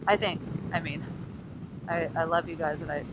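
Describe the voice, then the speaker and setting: A woman's voice: low voice, steady tone, normal speed. A woman vlogging while riding a scooter outdoors on a helmet mic, tired and rambling in a playful, silly way that slips into emotional talk. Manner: playful, silly, jumps between jokes and emotion. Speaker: motorcycle rally vlogger. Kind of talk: casual rambling vlog. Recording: loud wind noise.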